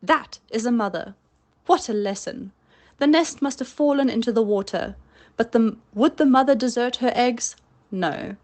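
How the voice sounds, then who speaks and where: A woman's voice: on the high side, normal speed, darkish tone, lightly acted. Woman voicing Captain Hook, a proud pirate. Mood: brooding. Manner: theatrical, commanding, growing fearful.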